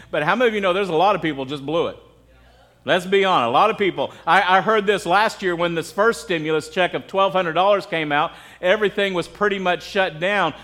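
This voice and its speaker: American male pastor, high pitch, casual preaching, keeps asking the room "right?". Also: a bit bright. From United States. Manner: conversational, asks the crowd "right?" often. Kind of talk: sermon.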